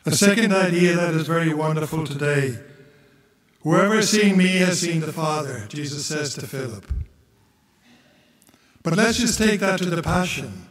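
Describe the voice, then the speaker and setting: Priest guy preaching real slow, kinda high voice, far off mic in a big echoey church. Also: expressive. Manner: slow, measured preaching with chanted gospel reading. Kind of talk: homily.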